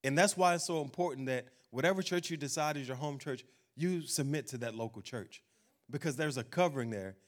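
A man preaching a sermon, emphatic, slowing down to read scripture. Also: mid-range voice. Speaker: pastor.

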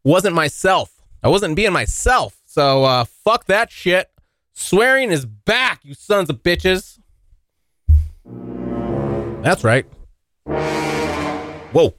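A man hosting a casual solo podcast, joking and swearing, now and then yelping into high silly voices. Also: takes it slowly, long pauses, no echo, clean studio sound, faint music behind. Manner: animated, swearing, jokey, yelps into high voices. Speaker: podcast host. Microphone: hot close mic.

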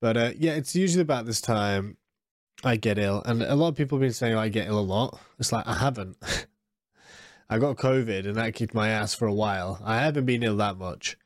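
A man's voice: lowish voice, moderate pace, no room sound, clean studio sound. A man in his thirties with a congested, nasal voice, chatting casually as a podcast host in a rambling way. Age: 30s. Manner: rambling, with frequent restarts and fillers. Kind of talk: casual solo podcast chat.

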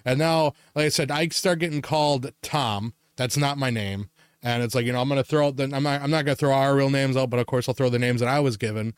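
A young man in a casual podcast chat, swearing freely and laughing as he tells his stories. His voice sits at an ordinary pitch. The recording is close and dry. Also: fast talker, clear, resonant tone, dry recording. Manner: swears a lot, laughs often, animated storytelling. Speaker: podcast co-host.

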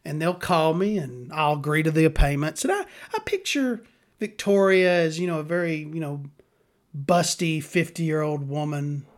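A man's voice: on the high side, normal speed. A man, hosting a podcast in a rambling, profane, sardonic monologue. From Southern US. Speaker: podcast host.

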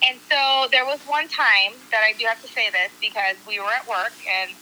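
Woman with a really bright voice, chatty storyteller, acts out everyone's lines, a bit high. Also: moderate pace, slight background noise, rough recording. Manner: animated, acts out quotes, swears casually. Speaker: coworker and friend telling a proposal story. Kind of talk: casual storytelling to a group.

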